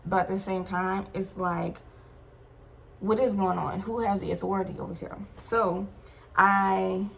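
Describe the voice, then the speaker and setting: A woman's voice: mid-range voice, fairly even intonation, a little slow, vocal fry, fairly bright tone, a little hiss or hum. A young adult woman vlogger telling a personal story in a casual, slangy, emphatic way, with many asides to her viewers.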